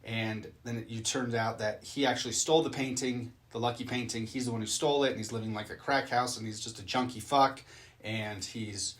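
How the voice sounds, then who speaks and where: A man's voice: medium pitch, fairly even intonation, fairly quick, a bit bright. A man recapping a movie he just watched and reacting to it in casual chat, loose and rambling, with plenty of swearing.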